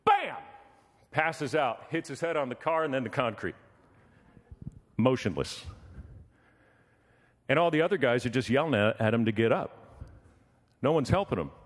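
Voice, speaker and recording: A man's voice: mid-range voice, moderate pace, pauses often, in a large hall. A man preaching a sermon, telling a story and acting out the voices in it. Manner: animated, acts out voices in his story.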